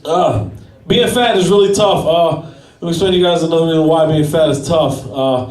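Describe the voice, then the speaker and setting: Recorded from afar in an echoey room, this comedian talks slightly fast in a somewhat high, mellow voice. He's doing self-deprecating stand-up at an open mic in a small gallery space, bantering with the crowd.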